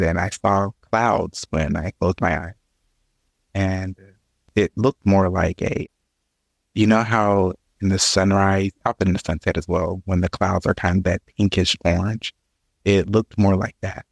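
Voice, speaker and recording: Deep, gravelly man in a dry room. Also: no room sound. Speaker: guest, entrepreneur and podcaster. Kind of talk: casual conversation.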